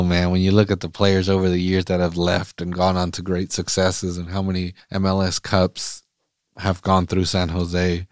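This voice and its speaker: Man, soccer podcast host, casual chat, profane, rambling, low voice, dry sound. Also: no room sound. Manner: profane, rambling, goes off on tangents.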